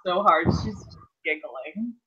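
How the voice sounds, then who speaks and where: A woman at a tabletop game, narrating her character's reactions in a soft, unhurried way. She speaks very slowly and lets each phrase settle. The recording sounds a bit dull and lo-fi. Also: lowish voice, lively intonation, breathy edge. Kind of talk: casual role-play narration.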